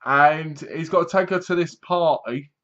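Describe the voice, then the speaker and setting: A man's voice: a little high, measured pace, fairly bright tone. A man casually reviewing a film to his webcam, retelling the plot in a rambling way and laughing at the jokes. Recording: dull lo-fi webcam audio.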